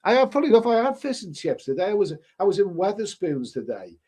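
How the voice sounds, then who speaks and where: A man's voice: high voice, sing-song, fast talker, mellow, breathy edge. Scouse man chatting on a live stream. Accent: Liverpool (Scouse). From Liverpool, England. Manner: chatty, rambling, frequent restarts, says "mate". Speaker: travel vlogger hosting a live stream. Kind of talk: casual live-stream chat reading viewer comments.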